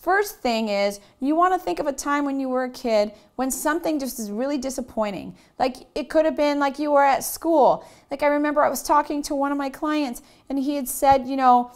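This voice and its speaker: A woman's voice: high voice, a little fast, few pauses. A woman in her thirties, a wellness coach, giving a candid self-help lesson and telling personal stories with acted-out quotes. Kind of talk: motivational self-help talk.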